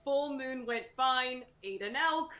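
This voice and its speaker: A woman playing a tabletop game, speaking quickly and casually. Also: high-pitched, a crowd in the background. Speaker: player. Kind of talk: tabletop role-play.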